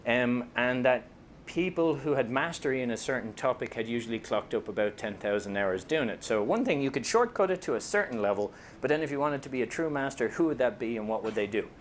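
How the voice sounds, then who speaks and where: A man's voice: mid-range voice, slight background noise. Joking Irish man giving a talk. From Ireland. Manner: self-deprecating, joking storyteller. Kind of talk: comic public talk.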